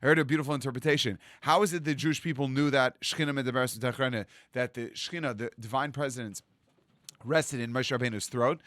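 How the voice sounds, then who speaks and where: A man giving a rabbi's Torah sermon in a lively storytelling manner, acting out the lines he quotes. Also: mid-range voice, fast talker, dry recording. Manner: animated storytelling, acts out quotes.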